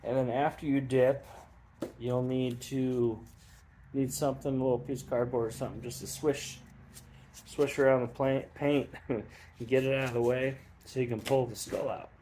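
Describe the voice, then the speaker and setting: A man's voice: mid-range voice, moderate pace, slight background noise. A man casually explaining a do-it-yourself hobby project, rambling a bit and joking at his own expense. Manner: relaxed, rambling, self-deprecating asides. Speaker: hobbyist demonstrating skull hydro dipping. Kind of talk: casual how-to tutorial.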